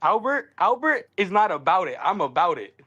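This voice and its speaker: A man's voice: high-pitched, very animated, normal speed, bright, forceful tone, dull audio. A man calling in as a guest, brash and defiant, talking casually. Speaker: call-in guest.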